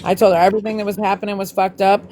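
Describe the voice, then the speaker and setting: A woman in casual livestream chat, blunt and profane, talking quickly. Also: medium pitch, little pitch movement, a loud crowd. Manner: blunt, swears a lot, fast talking. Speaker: livestream co-host.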